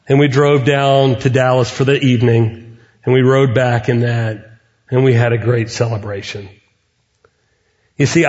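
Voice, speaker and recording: A middle-aged man delivers an earnest sermon, pausing between phrases. His mid-range voice rings through a large hall with a long reverb tail. The sound is slightly muffled. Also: mid-range voice. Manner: earnest preaching with deliberate pauses. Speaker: pastor.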